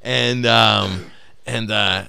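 A man's voice: fairly low pitch, steady tone, drawn-out words, vocal fry, bright, forceful tone, clear, resonant tone, no echo. A man casually telling a funny road story on a podcast, laughing through the punchlines.

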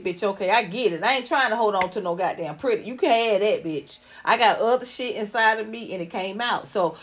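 A middle-aged woman hosting a podcast, talking casually to viewers in a blunt, profane and preachy way. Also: mid-range voice. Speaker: podcast host. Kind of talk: casual livestream talk to viewers.

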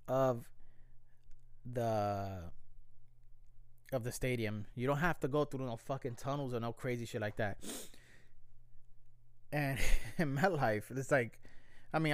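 Casual male storyteller from the US, smooth and resonant, dry close sound, swears a lot and wanders off on tangents. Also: medium pitch, dry recording. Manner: rambling, profane, wry.

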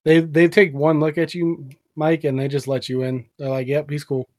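A man's voice: fairly high pitch, fairly even intonation, moderate pace, no echo, clean studio sound. Matter-of-fact male game master. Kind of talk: running a tabletop game.

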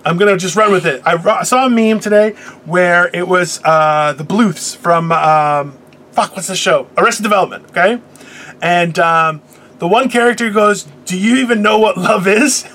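A middle-aged man hosting a casual chat, telling stories in an animated, profane way. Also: high-pitched, moderate pace. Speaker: podcast host.

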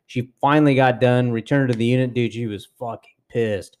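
A young male podcast co-host tells a work story during a casual chat with friends, swearing plenty and acting out quotes with animation. His mid-range voice has a clean tone, and he speaks briskly.

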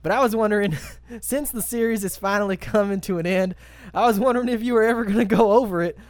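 A man's voice: high-pitched, fast, voice pushed up, lightly acted. A man putting on an exaggerated Texas accent to read a listener's letter on a podcast. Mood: hammy. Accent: put-on Texas accent. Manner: exaggerated, laughing through the reading. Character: man in a hammy cowboy Texas drawl. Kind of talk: reading a listener letter in a put-on voice.

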